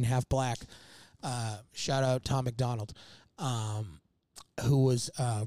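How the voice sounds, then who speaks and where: A man's voice: medium pitch, warm tone, dry recording, clean studio sound. A man telling a long, rambling story as a podcast guest, swearing often and laughing mid-sentence. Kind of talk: casual storytelling chat.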